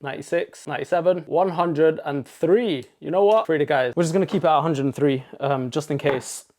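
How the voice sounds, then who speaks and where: Fast-talking jokey man. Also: a little high, a little mellow. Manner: jokey, rambling asides. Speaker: baking vlogger. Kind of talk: casual cooking vlog. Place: kitchen.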